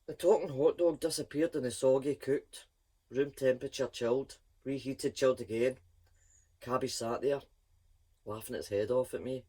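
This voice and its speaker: A woman reading a children's story aloud in a lively, expressive first-person voice. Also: extremely low pitch, moderate pace, slightly rough.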